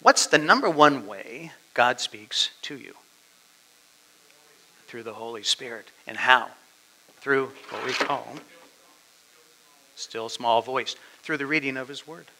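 A male pastor preaching a sermon, dramatically swinging between loud declarations and hushed asides. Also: medium pitch, slow, long pauses, poor audio.

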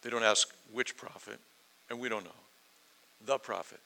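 A man's voice: medium pitch, normal speed, creaky, bright, forceful tone, rough recording. A man preaching a verse-by-verse sermon, earnest and emphatic, building intensity as he quotes and explains scripture.

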